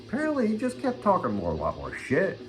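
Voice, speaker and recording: A man's voice: high voice, wildly swooping pitch, fast, music in the background. An older man hosting his own channel, ranting crudely and swearing constantly in a rambling vlog. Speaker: channel host. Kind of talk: rambling profane vlog rant.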